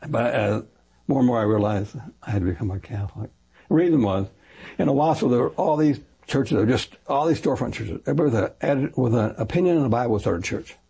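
A man's voice: medium pitch, fast, vocal fry, slightly rough. An older man, a retired pastor, telling his story in an interview, rambling and correcting himself and acting out the voices of people he quotes. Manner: animated, acts out quoted voices.

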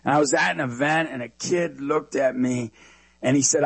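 A man being interviewed, telling animated stories with an energetic, preachy manner and acting out the voices of people in them. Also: medium pitch, moderate pace, vocal fry, slightly rough, dry recording. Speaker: guest speaker.

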